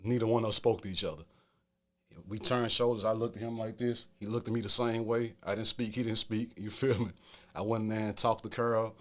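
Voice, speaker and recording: A man's voice: lowish voice, flat delivery, brisk. A middle-aged man with a New Orleans accent telling a story in casual chat, streetwise, often asking "you feel me?". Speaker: podcast host telling a story.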